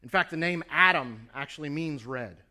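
A man delivers a sermon in a slightly higher voice. He tells the story earnestly and speaks straight to his listeners. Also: moderate pace, pushed and bright. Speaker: preacher.

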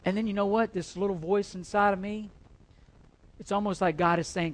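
Male pastor, sermon delivery: emphatic, repetitive, loud stresses and quiet drops, some stumbles. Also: high voice, steady tone, moderate pace. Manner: stumbles and repeats words at times.

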